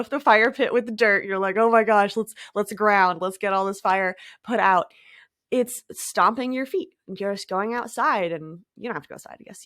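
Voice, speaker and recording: Woman host, mid pitch, soft reflective delivery, dry close sound. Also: no room sound. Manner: gentle, thoughtful, with light laughs and trailing phrases. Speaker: podcast host. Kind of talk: reflective spiritual talk.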